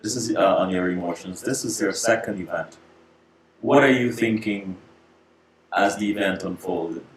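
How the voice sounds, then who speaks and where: A man hosting an interview, asking questions in an animated, inquisitive way. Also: deep voice, moderate pace, slight background noise. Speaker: interviewer, host. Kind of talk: interview conversation. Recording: roomy echo.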